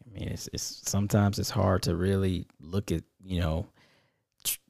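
A man's voice: deep voice, steady tone, normal speed, vocal fry, a little mellow, no room sound, clean studio sound. A man co-hosting a podcast, talking thoughtfully and reflectively in casual conversation. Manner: thoughtful, reflective, searching for words. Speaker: podcast co-host.

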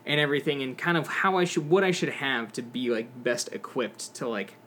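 A man's voice: medium pitch, fairly even intonation, brisk, fairly bright tone, a little hiss or hum. A young man co-hosting a podcast, rambling casually about a video game with lots of fillers and swearing. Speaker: podcast co-host. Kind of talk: casual gaming chat.

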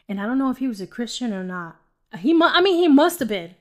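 A woman's voice: a little high, animated, fast talker. Joking woman. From New York City. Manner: rambling, joking, laughs often between phrases. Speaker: podcast host. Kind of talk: personal faith testimony, casual chat.

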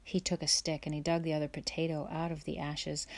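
A woman reading a children's chapter book aloud in a gentle, measured storytelling way. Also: deep voice, level tone. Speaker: audiobook reader. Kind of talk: storybook read-aloud narration.

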